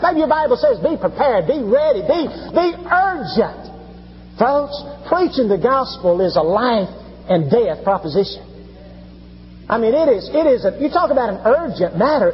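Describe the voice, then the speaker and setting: Impassioned preacher in a hall. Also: male voice. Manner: impassioned, pleading, rising to high urgent peaks. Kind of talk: sermon. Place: church sanctuary. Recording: lo-fi reverberant hall with hum.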